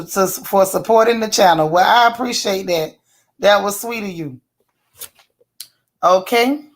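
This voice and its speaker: Sassy woman recapping a show to chat. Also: mid-range voice. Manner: sassy, animated storytelling with mock quotes. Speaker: YouTube TV show reviewer. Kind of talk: casual live-stream recap talking to chat.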